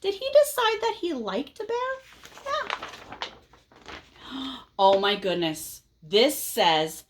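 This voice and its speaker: A woman reads a picture book aloud to young children, stopping often to ask them questions. Her voice sits fairly high and swoops expressively. She keeps an unhurried, gentle, teacherly pace. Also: sing-song, background noise. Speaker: storyteller reading to children.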